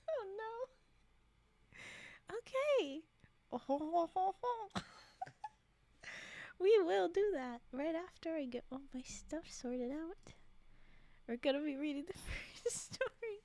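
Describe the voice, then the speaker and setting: A woman's voice: very high voice, expressive, extremely slow, pauses often, a little mellow, no room sound. A woman streamer chatting casually with her viewers, giggly and chatty. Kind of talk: casual livestream chat.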